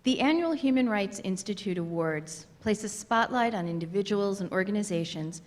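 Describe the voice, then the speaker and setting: A woman hosting a conference, reading formal prepared remarks in a measured way. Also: mid-range voice, animated. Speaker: event host. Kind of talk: scripted formal announcement. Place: large theater. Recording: reverberant theater hall.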